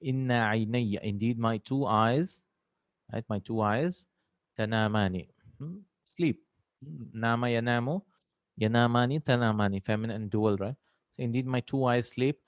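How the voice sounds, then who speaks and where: A man's voice: mid-range voice, moderate pace, pauses often, no room sound, studio quality. A man teaching an Arabic grammar lesson, explaining terms step by step and often checking with "right?".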